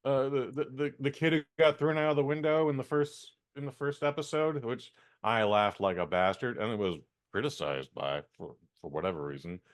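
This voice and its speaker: A man's voice: medium pitch, fairly quick, few pauses. A man from San Francisco co-hosting a casual podcast, rambling bluntly and swearing. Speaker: podcast co-host.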